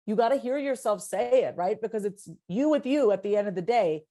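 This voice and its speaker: A woman's voice: mid-range voice, brisk. A woman guest on a podcast talking casually and with energy, often repeating words as she builds a point. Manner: animated, repeats words when excited; coaches herself out loud. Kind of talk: casual conversation.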